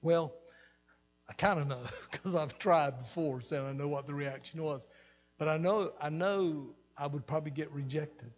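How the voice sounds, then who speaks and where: A man's voice: on the high side, moderate pace, highs cut off, soft background music. An older man pastor preaching an earnest sermon, repeating phrases for emphasis, recorded in a church hall. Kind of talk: sermon teaching. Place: church sanctuary.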